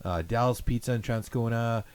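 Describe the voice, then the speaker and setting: A young man hosting a podcast, chatting casually and jokingly, rambling and trailing off into low mumbles. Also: normal speed, smooth, dry recording. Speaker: podcast host. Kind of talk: casual chat.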